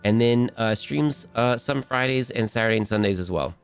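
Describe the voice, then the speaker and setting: A man's voice: mid-range voice, normal speed, clean tone, no room sound, soft background music. A man streaming a game live, chatting casually and bubbly, rambling and restarting his sentences.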